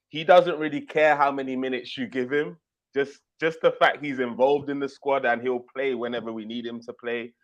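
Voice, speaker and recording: A man's voice: mid-range voice, dull audio. A man joining a casual football live stream as co-host, laid-back and slangy as he gives his opinions. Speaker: co-host guest.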